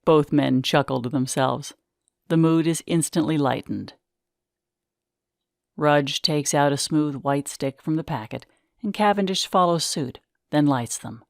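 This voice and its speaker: A woman narrating the stage directions of a script reading in a measured way. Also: low voice, gravelly, no room sound, studio quality.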